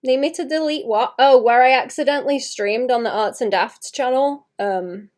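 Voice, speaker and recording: A young Welsh woman with a light accent draws while live streaming, casually rambling and laughing a lot. She speaks at a moderate pace in a high-pitched voice with a darkish tone.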